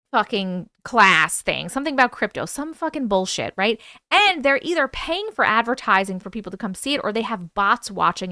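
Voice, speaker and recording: Bright-voiced woman telling a story. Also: mid-range voice, clean tone, no room sound, studio quality. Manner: animated, profane, acts out quoted voices. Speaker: host. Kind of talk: casual storytelling on a livestream. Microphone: wireless clip-on mic.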